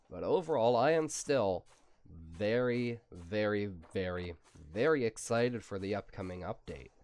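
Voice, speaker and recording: Male gaming host, stuffy nose, low voice, unhurried rambling commentary. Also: a little hiss or hum. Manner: rambling, relaxed, drawn-out. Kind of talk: casual gameplay commentary.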